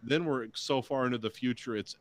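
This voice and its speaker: This podcast co-host is a middle-aged man whose voice sits at medium pitch and moves fairly quickly. He rants through the casual conversation, curses liberally, and ridicules things he doesn't like with mocking quotes.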